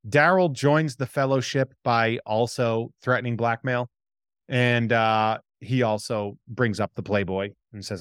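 Picture an excitable male podcast co-host recapping a movie scene by scene, close to the mic in a dry, deadened room. His voice sits at an ordinary middle pitch. He chats casually and throws himself into the retelling. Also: a little slow, clear, resonant tone, dry recording. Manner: excitable plot recap, acts out lines.

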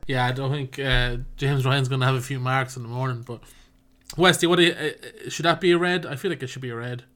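Bright-voiced Irish man hosting a podcast. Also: medium pitch, steady tone, fairly quick. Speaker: podcast host. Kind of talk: casual sports chat.

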